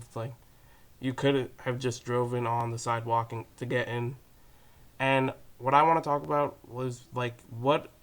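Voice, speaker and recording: Rambling teen guy, smooth voice. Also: medium pitch. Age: teens. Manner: rambling, filler-heavy, swears casually. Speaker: vlogger. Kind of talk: casual rant to camera.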